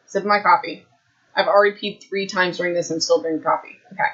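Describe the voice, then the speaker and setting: A woman in her thirties with a raspy throat, hosting a podcast from her home and chatting in a rambling way, saying "like" a lot. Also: lowish voice, steady tone, quick pace, a bit bright, slight background noise. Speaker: podcast host. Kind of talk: casual chat about a book. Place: home room. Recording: dull lo-fi home recording.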